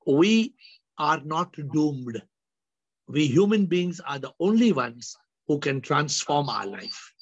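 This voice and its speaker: A man's voice: a little high, no echo, lo-fi sound. A man teaching spiritual ideas over a video call, emphatic and fond of telling stories, slipping into Hindi phrases.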